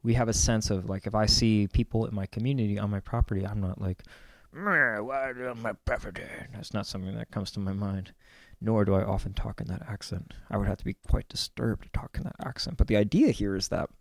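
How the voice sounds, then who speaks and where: A man giving a meandering, reflective spiritual monologue about a card reading, musing aloud with many pauses and the odd whispered aside, speaking from his own land. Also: lowish voice, steady tone, vocal fry, a little mellow, dry recording. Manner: meandering and musing, with many fillers and stretched-out words.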